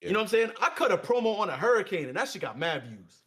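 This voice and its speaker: A man co-hosts a stream in a high voice that swings up and down. He hypes up his friend with a lot of swearing and casual encouragement. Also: very animated, quick pace, fairly bright tone, slightly rough. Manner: encouraging, profane, hypey. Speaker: co-host.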